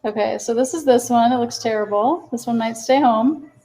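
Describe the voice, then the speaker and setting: A woman with a fairly high voice chats casually while cooking on a livestream. She laughs at her own mistakes and answers viewers' comments in a loose, self-mocking way. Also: moderate pace, mellow, rough recording. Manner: chatty, self-mocking, reads chat aloud and answers.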